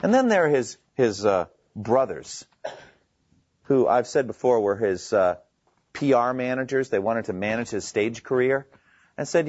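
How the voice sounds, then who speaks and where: A man preaching a sermon in a conversational, animated way, acting out scripture quotes with his voice rising high. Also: unhurried, no room sound, muffled recording.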